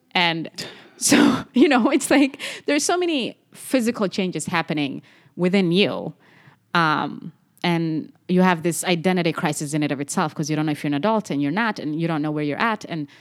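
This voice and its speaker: A young adult woman with a fairly low voice talks through a podcast interview as a medical doctor guest. She is animated and conversational, slipping into the voices of the people she quotes. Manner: animated, acts out quoted speech.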